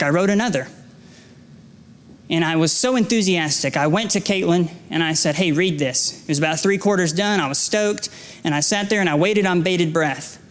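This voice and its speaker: A man's voice: high-pitched, a bit bright. A young adult man preaching a sermon as a guest speaker, earnest and exhorting, with repeated phrases, stammered restarts and self-deprecating stories. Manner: restarts and stammers when emphasizing. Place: church sanctuary.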